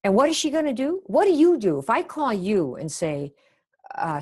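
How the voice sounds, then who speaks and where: A woman's voice: on the high side, big pitch swings, moderate pace, a little mellow, slightly rough. A woman teaching a live webinar as a sales coach, chatty and coaching, reacting to viewers' comments as she goes. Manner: chatty, coaching, reacts to chat, acts out sample phone lines.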